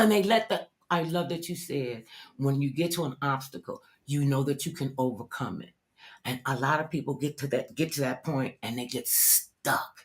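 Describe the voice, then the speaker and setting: An older woman hosting an interview show, chatting in a lively, animated way and telling stories. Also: very deep voice, normal speed. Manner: animated, storytelling, acts out other people's voices. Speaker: talk show host.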